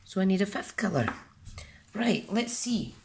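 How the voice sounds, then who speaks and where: A woman's voice: mid-range voice, lively intonation, unhurried, darkish tone, slight background noise. A woman with a Scottish accent, chatting her way through a card-making tutorial and talking herself through each step. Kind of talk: casual crafting tutorial.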